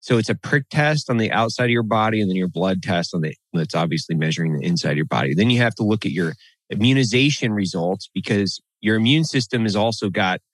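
A man's voice: lowish voice, quick pace, no room sound. Blunt, profane man in casual chat. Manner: blunt, profane, animated when ranting.

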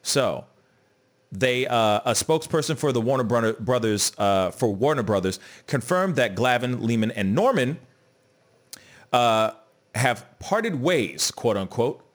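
A man hosting a casual podcast, talking in a loose, animated way, peppered with "you know what I'm saying" and "bruh". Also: medium pitch, unhurried. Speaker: podcast host. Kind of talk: casual chat.

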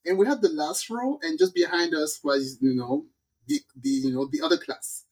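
A woman from the Caribbean hosting a podcast, telling a story in a lively, casual way and acting out the people in it. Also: on the low side, normal speed, husky. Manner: animated storyteller, acts out quoted voices. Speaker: podcast host.

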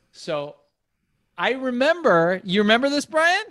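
A man telling a long animated story as a podcast guest, swearing freely and breaking into laughter. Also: sits high, no room sound, clean studio sound. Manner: profane, animated, quick laughs.

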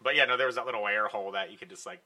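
A man's voice: on the low side, rapid-fire, pushed and bright. A man hosting a live podcast in casual chat, joking and swearing freely. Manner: joking, swears casually, theatrical segment announcements. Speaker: podcast host.

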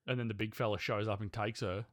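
A man with a mid-range voice, co-hosting a casual film podcast. He jokes and tosses in short, quick reactions. His tone stays loose and chatty. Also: on the low side, fairly even intonation, dry recording, studio quality. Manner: joking, short reactive remarks.

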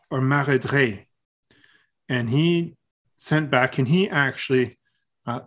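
A man co-hosting a casual podcast, talking in a relaxed, halting way with many restarts. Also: medium pitch. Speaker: podcast co-host.

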